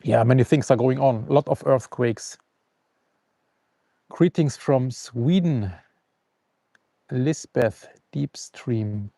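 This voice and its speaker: Calm man, mellow voice. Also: medium pitch, vocal fry, no echo, studio quality. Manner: calm, unhurried, reads out viewer greetings. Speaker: outdoor vlogger hosting a live news update. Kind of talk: casual live stream chat and news reading. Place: outdoors at a forest camp on the coast.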